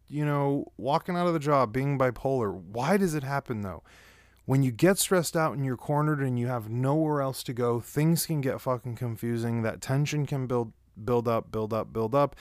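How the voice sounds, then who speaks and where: A man with a mid-range voice tells rambling stories in a loose, casual way, swearing freely as he goes. The sound is dry, with no room echo. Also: medium pitch. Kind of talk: casual storytelling.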